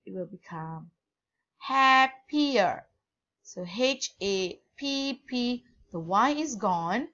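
Malaysian english lady teacher, real slow, spells words out letter by letter, kinda dull lo-fi sound. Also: mid-range voice, sharp tone. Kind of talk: grammar lesson.

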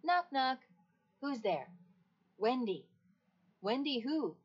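A synthetic woman's voice playing a polite, playful female AI voice assistant, with a breathy tone and even, polished delivery. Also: high-pitched, takes it slowly, full character voice. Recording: dull lo-fi recording of a device speaker.

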